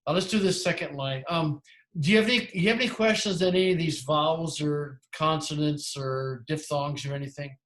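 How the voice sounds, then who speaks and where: A man's voice: fairly high pitch, a little fast, fairly bright tone. Man teaching in an echoey room. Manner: rambling, self-correcting explanations. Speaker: Greek teacher. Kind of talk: lecturing in a class.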